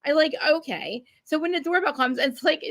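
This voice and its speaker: A woman ranting in casual chat, animated and profane, with many restarts. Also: sits high, dry recording. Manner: rapid, profane, animated rant with frequent restarts. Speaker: guest commentator. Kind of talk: casual chat recapping a reality show.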